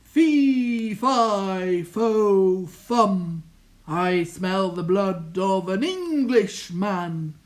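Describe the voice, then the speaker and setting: A woman booming as a huge angry giant. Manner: booming, chanting slowly and loudly.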